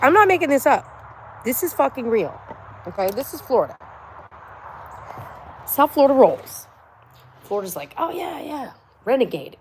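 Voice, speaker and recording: A woman's voice: mid-range voice, slight background noise, poor audio. A middle-aged American woman chatting casually on a live stream, rambling and swearing freely as she talks. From United States. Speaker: vlogger.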